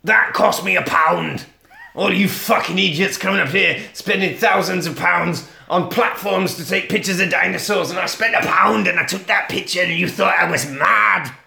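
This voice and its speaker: A man voicing a cantankerous, foul-mouthed old Scottish hermit grandad in a put-on Scottish accent, shouting and sneering. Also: on the high side, lively intonation, normal speed, gravelly, long pauses, full character voice. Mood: ranting. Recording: roomy echo.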